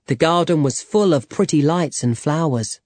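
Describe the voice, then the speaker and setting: A narrator reading a simplified novel aloud in a plain, deliberate manner. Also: mid-range voice, animated, a little mellow, no room sound.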